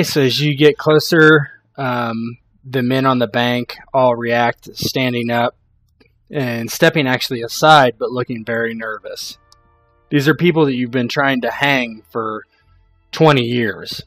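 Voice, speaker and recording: A man narrates a tabletop game as its game master, rambling and relaxed with plenty of fillers. He speaks very slowly at a middling pitch. The sound is dry, with faint music underneath. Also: no room sound.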